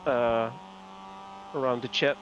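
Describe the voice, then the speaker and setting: A man's voice: mid-range voice, steady tone, slow pace. A man co-commentating on an online race in an easygoing way, reading out chat messages. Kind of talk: casual sim racing commentary. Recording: dull lo-fi stream audio with faint noise.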